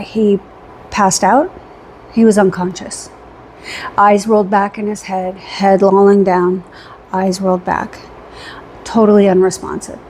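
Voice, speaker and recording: A woman vlogger tells a long weekend story in a loose, chatty way, full of ums and restarts. She acts out bits of what people said. Her voice sits at an average pitch, and faint noise runs behind it. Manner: chatty, rambling, with fillers; animated retelling with quoted dialogue. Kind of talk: casual storytelling recap.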